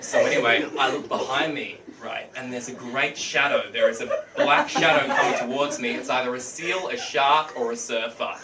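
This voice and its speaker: An Australian man performing a stand-up comedy set, telling stories in an animated way and slipping into quick character voices. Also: mid-range voice, very noisy. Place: comedy venue with a live audience. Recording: roomy, distant mic with loud audience laughter.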